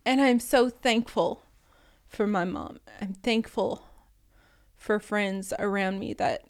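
Tearful and scattered, a woman in her thirties who co-hosts a podcast recounts a painful part of her life, frequently laughing while crying. She speaks slowly in a mid-range voice.

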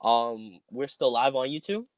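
Male podcast host, casual and rambling, mid-pitched, dry recording. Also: expressive, measured pace, no echo. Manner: rambling, many ums.

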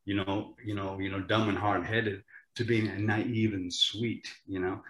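A man's voice: on the low side, a little slow. Older man telling stories in a roomy space. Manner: animated, repeats words when starting sentences. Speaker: actor guest. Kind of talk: storytelling in a casual interview. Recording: roomy echo.

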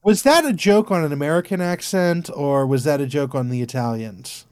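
A man's voice: on the high side, normal speed, clear, resonant tone, dry recording. A man co-hosting a podcast in casual chat, dry and matter-of-fact as he reads out scores and nitpicks. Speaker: podcast co-host.

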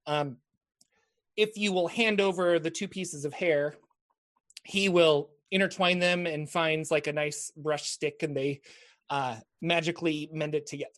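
A man's voice: a little high, fairly even intonation, a little slow, fairly bright tone. A man running a tabletop game as dungeon master, explaining rules at an easy pace with many ums and uhs.

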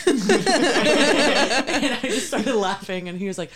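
A woman's voice: a little high, slow, crowd noise. A woman in casual chat with friends, telling stories with lots of swearing and acting out what others said. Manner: animated storyteller, swears often, acts out others' lines.

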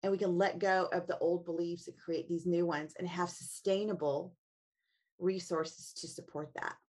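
A woman's voice: fairly low pitch, fairly even intonation, moderate pace, darkish tone. Earnest woman coach telling her story. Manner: earnest, reflective, asks herself rhetorical questions. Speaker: family coach and author. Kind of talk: interview guest, personal storytelling.

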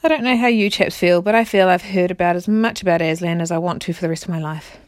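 A woman's voice: lowish voice, fast talker, no room sound, studio quality, lightly acted. A woman doing a surly sneering dwarf. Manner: scornful, mocking, blunt. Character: surly sneering black-bearded male dwarf.

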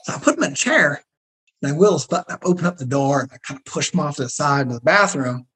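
A man's voice: a little high, fast, poor audio. A middle-aged man speaks as an interview guest, telling his stories casually. His voice rises and falls a lot as he acts out what other people said. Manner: animated, acts out quoted people. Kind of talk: casual storytelling.

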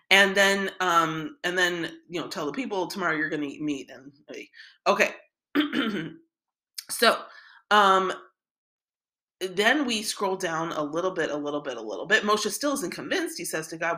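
A woman's voice: on the low side, very animated, normal speed, a bit bright. A woman teaching a scripture lesson in a casual, conversational way, retelling the text in everyday speech. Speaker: Torah teacher.

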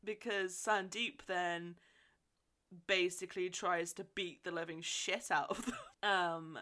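Woman podcaster, bright sharp voice, sweary and giggly film recap, lowish pitch. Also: steady tone, takes it slowly. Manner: swears freely, laughs often while retelling. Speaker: podcast co-host. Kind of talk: casual chat recapping a film.

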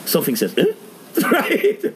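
A man's voice: a little high, wildly swooping pitch, a little slow, background noise. A man animatedly telling a story in casual chat, often laughing as he goes.

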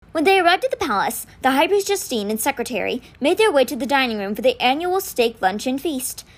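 A woman reading a novel aloud for a podcast, telling the story expressively. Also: fairly high pitch. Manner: expressive storytelling with quoted lines read in. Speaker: podcast book reader.

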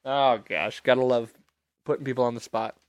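A man's voice: mid-range voice, normal speed, no echo, studio quality. A man hosting a podcast, ranting casually and swearing freely as he works himself up. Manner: animated, swears freely, talks himself into outrage. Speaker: podcast host.

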